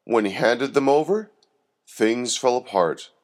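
A man hosting and narrating a Christian parable story with expressive delivery. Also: mid-range voice, unhurried. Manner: expressive narration with lively intonation. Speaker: storyteller host.

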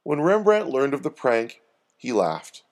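A man narrating a scripted story in a measured, expressive reading. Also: mid-range voice.

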